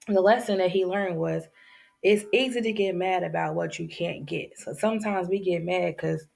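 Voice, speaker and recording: A woman teacher telling children's fables in an animated storytelling lesson, acting out the characters with big jumps in her voice. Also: fairly low pitch, normal speed, gravelly.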